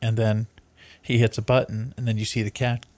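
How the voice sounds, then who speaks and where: A man's voice: on the low side, normal speed, dry recording. A man hosting a casual podcast, rambling and swearing as he retells movie plots. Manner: rambling, profane, animated storyteller. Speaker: podcast host.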